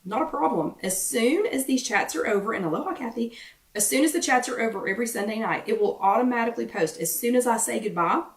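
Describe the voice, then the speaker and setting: Hoarse Southern woman hosting a live chat. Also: fairly high pitch, animated, quick pace, far from the mic. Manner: chatty, greets viewers one by one. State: hoarse, losing her voice. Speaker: host of a live weight-loss workshop chat. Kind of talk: casual live-stream chat. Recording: roomy echo, voice away from the mic.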